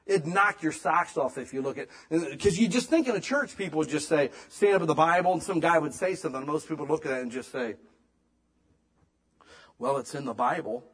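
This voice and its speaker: Husky man preaching with loud-soft swings. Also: on the high side, fairly quick. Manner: emphatic, dramatic swings between loud and hushed; casual, conversational preaching with slang. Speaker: pastor. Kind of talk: sermon.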